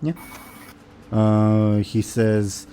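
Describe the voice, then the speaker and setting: A man with a low, mellow voice runs a tabletop game as game master. He narrates in the third person and describes what each character does. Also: monotone, very slow, a little hiss or hum.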